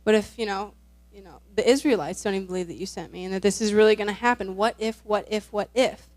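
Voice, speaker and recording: A woman's voice: medium pitch, quick pace, darkish tone, close to an everyday voice. A woman voicing a self-doubting biblical shepherd who anxiously pleads and repeats his questions.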